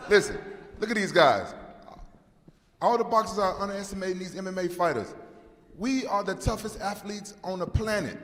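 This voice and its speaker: Defiant man shouting back at a press conference. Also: high-pitched, lively intonation, moderate pace, long pauses, a faint crowd, a little hiss or hum. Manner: defiant, combative, repeats himself. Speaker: MMA team captain. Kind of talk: press conference trash talk. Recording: reverberant hall.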